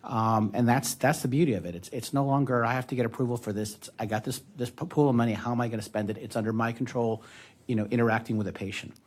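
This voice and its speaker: A man's voice: mid-range voice, steady tone, fast, darkish tone. A man on a discussion panel explaining a point with plain everyday examples, in a wry tone.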